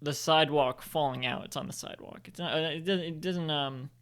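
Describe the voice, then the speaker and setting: A man's voice: fairly high pitch, brisk, fairly bright tone, clean tone. A young man at home improvising a story, rambling with lots of fillers and self-corrections. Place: home, indoors.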